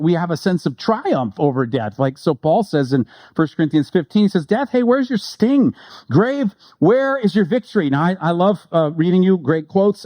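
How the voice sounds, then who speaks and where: A male pastor giving a relaxed, conversational sermon, joking with listeners and slowing down to read quotes with weight. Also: a little high, no room sound. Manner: conversational and joking, reads quotes slowly with emphasis.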